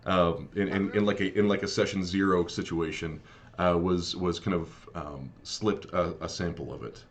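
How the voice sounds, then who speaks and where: A man running a tabletop game as game master, narrating in a halting way as he searches for words. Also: deep voice, steady tone, slight background noise.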